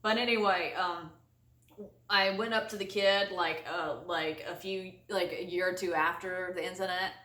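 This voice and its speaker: A woman vlogger telling a comic story to camera, exaggerated and animated, laughing often. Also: fairly low pitch, normal speed, roomy sound, distant mic. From United States.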